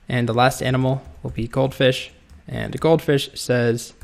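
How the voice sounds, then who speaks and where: A man's voice: medium pitch, measured pace, vocal fry, hardly any pauses. A man teaching a coding lesson, explaining step by step as he types. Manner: relaxed, explains step by step while typing. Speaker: coding instructor. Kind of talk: screen-recorded coding tutorial.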